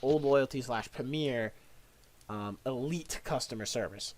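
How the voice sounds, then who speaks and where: A man's voice: medium pitch, unhurried. A man hosting a casual talk show, telling customer service stories and acting out angry callers. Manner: animated storyteller, acts out angry callers loudly.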